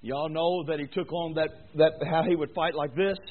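A preacher with a high-pitched voice delivers a sermon in church. He drops to quiet, rambling asides, then climbs into shouted, pleading exhortation. The sound is thin and tinny, like it came over a phone line. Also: fairly even intonation, moderate pace. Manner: swings from low murmurs to high shouting exhortation. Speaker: pastor.

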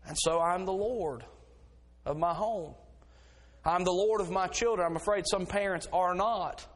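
The sermon comes from a middle-aged pastor whose voice is slightly high for a man, delivered a little slowly. Folksy, relaxed storytelling about homely things gives way to insistent, fervent preaching.

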